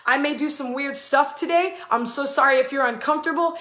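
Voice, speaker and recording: A woman hosting a live spiritual channeling session, fast and emphatic, with swearing, and breaking into chanted invented syllables. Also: sits high, bright, forceful tone. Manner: fast, emphatic and effusive, with profanity; chants stretches of made-up syllables. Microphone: live online video stream. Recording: echoey room.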